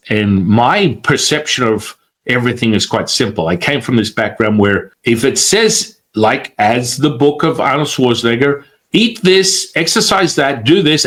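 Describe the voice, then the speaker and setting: A man telling a story in casual conversation as a guest, acting out the voices of the people he quotes. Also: mid-range voice. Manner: animated, acts out quoted voices.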